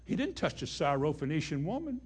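A male pastor delivering a sermon with a slightly higher-than-usual voice. He talks in a folksy, conversational way, sinking to quiet, intimate lines before building to forceful, emphatic claims. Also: sing-song, fairly quick, slightly rough. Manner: folksy, swings between hushed and emphatic.

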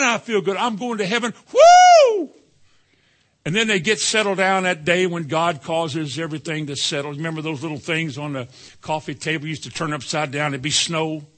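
A man preaching a sermon in a folksy, animated way, breaking into sudden high exclamations. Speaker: pastor.

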